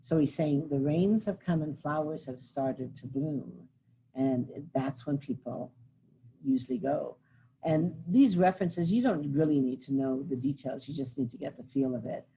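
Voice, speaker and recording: Older woman, teacher, low voice, mellow tone, rambling, self-correcting, reads verse aloud. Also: moderate pace, slight background noise. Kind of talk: lecture and reading poetry aloud.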